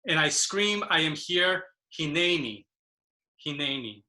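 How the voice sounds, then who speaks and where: A woman's voice: low-pitched, expressive, measured pace, sharp tone. A woman poet on a video call, giving an impassioned, emphatic spoken-word reading of her own poetry. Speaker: poet and presenter.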